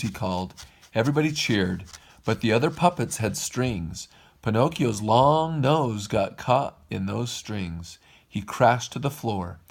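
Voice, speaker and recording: A man reading a children's storybook aloud to his kids, with an expressive, lilting delivery. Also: on the low side, creaky, husky. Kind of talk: storybook read-aloud narration.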